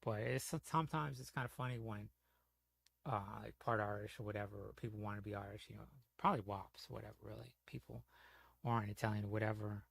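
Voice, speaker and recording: Gravelly low-voiced man telling stories. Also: steady tone, fast talker, a bit bright, dry recording. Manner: rambling, profane, frequent "you know". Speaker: gaming streamer. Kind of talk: casual storytelling chat.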